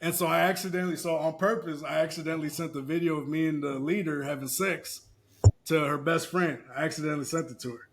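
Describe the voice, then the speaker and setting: A man with a fairly high speaking voice, swapping crude, rambling stories as a podcast co-host. He restarts his sentences often and talks in a loose, casual way. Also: fairly even intonation, fast talker, a bit bright, slight background noise. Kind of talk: casual chat.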